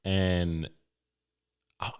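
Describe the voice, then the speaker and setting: Deep-voiced man rambling on his podcast. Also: flat delivery, extremely slow, darkish tone, smooth. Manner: profane, rambling, emotional storytelling with many restarts. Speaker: podcast host. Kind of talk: casual podcast monologue.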